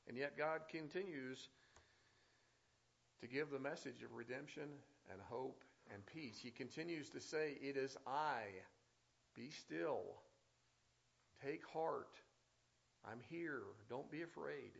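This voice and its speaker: A man's voice: mid-range voice, slow, gravelly, long pauses. A man preaching a sermon who reads scripture aloud and then comments on it with rising intensity. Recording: slightly dull, lo-fi sound.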